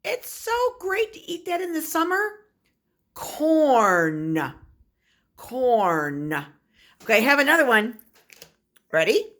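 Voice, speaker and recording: A kindergarten teacher, a woman, giving a recorded phonics lesson and sounding out letters and words slowly for small children. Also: fairly high pitch, sing-song, fairly bright tone.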